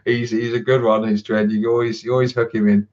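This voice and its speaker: A man's voice: mid-range voice, little pitch movement, brisk, a little mellow, muffled recording. A man hosting a casual livestream chat, rambling and swearing freely with lots of ums and chuckles. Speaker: channel host.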